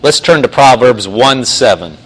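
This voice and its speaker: A man preaching a sermon in a conversational way, often restarting and slowing down to stress phrases. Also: medium pitch, animated, fairly bright tone, slightly rough, poor audio. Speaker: pastor.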